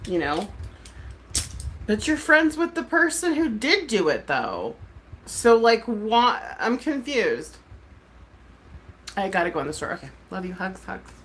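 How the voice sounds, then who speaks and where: Animated woman ranting to camera. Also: medium pitch, a little slow, pauses often, slight background noise. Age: adult mom. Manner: exasperated, swears freely, fillers like "like". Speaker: YouTuber and streamer. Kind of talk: casual ranting vlog.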